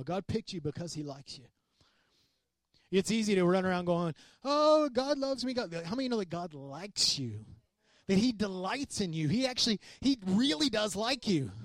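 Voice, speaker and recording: A man preaching a sermon as a pastor, animated and conversational, acting out quoted voices. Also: high voice, no echo.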